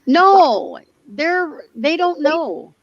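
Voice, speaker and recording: A woman's voice: high voice, sing-song, drawn-out words, no echo. A woman joining a livestream chat, teasing and encouraging with short remarks. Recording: dull lo-fi sound.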